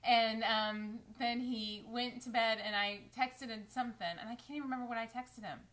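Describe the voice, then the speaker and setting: Lady vlogger on a live stream, teary, bright forceful voice, says y'all a lot. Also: fairly high pitch, fairly even intonation, normal speed. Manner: warm, chatty, emotional, addresses viewers as y'all. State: close to tears. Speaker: lifestyle vlogger. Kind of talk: casual live-stream chat.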